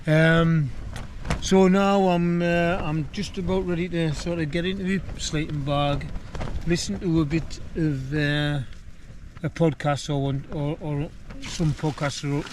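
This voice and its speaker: Unhurried and a little mellow, an older wild-camping vlogger talks at a fairly high, steady pitch while filming his camp on a windy hillside. He rambles chattily and pokes fun at himself, and wind noise runs through the audio.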